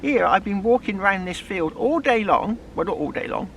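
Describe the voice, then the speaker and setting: A man's voice: sits high, lively intonation, normal speed, gravelly, a bit bright, a little hiss or hum. A man with a West Country accent talking casually outdoors as a metal detecting vlogger, rambling with many restarts. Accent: West Country English. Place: outdoors in a field, then a pub.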